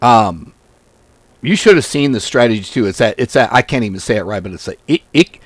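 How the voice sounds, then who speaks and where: A medium-pitched man talks a little fast, with no room sound, as host of a forex trading video. He rants to camera in a blunt, foul-mouthed, casual way, spinning lively stories and going off on tangents.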